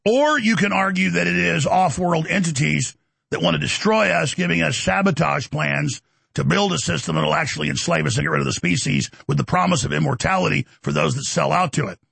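A middle-aged man, hosting a heated, mocking monologue and often shouting. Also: a little high, a little fast, gravelly, slightly rough, dry recording. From Texas. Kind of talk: ranting monologue.

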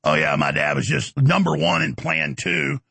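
Gravelly ranting man. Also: a little high, very animated, normal speed, no echo. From Texas. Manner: heated, mocking, often shouting. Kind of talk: ranting monologue.

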